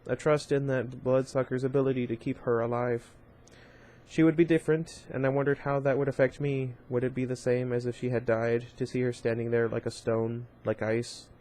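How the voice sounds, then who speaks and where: Guy reading a book out loud, mid-pitched voice, stumbles and corrects himself now and then. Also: flat delivery, moderate pace. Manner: informal, with slips, restarts and brief asides. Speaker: reader. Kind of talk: reading a novel aloud.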